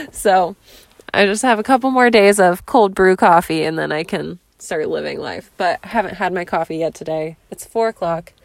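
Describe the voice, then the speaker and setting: A woman's voice: fairly low pitch, normal speed, no echo. A woman hosting a casual solo podcast, chatty and rambling with frequent laughs, recorded in her parked car. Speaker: podcast host.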